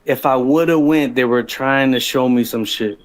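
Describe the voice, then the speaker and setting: A man's voice: mid-range voice, fairly even intonation, normal speed. A man telling his own story as a guest on a livestream, rambling and profane, with frequent restarts.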